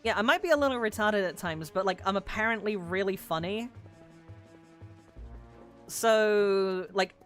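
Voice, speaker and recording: A young woman from London chatting casually while streaming a game, swearing freely and now and then breaking into loud yelling. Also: mid-range voice, a little slow, pauses often, soft background music. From London, England. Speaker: VTuber streamer. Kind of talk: casual gaming stream chat.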